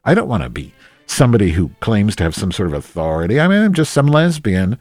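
A man streaming live, rambling and swearing as he reacts to his viewers, jumping between loud outbursts and low mutters. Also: big pitch swings, fast, dry recording. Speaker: livestreamer reading chat.

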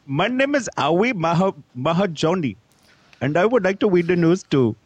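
A man doing a bumbling comic newsreader with a high, husky voice and broken grammar, clumsily reading headlines in a put-on accent. The sound is close and dry, with no room around it. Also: big pitch swings, moderate pace, no room sound, heavily acted. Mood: goofy. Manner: broken grammar, mispronouncing words, joking banter. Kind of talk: comedic call banter.

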